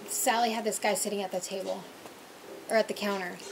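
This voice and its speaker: A woman's voice: medium pitch, a little fast, vocal fry, background noise. A young woman who works as a server, casually telling a story about a rude customer with lots of fillers. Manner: animated, mimics people in loud quoted voices, many fillers.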